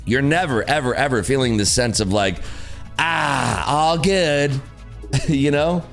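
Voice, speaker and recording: Profane, lively day-trading streamer man. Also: mid-range voice, moderate pace, soft background music. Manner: blunt, profane, laughing, animated. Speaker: livestream host, day trader. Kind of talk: casual livestream chat.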